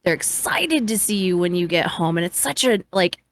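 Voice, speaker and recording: A woman's voice: lowish voice, lively intonation, moderate pace, slight background noise. A woman hosting a casual podcast chat, upbeat and chatty. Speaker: podcast host.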